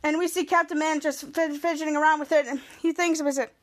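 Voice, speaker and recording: A woman podcast host giving a casual, halting recap of a TV episode, full of restarts. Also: high voice, fairly even intonation. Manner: rambling, halting narration with restarts.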